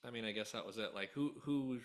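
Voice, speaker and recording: A man's voice: on the low side, quick pace. A man co-hosting a podcast, talking in a loose, rambling way and often checking in with "right?". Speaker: podcast co-host. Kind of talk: casual unfiltered chat.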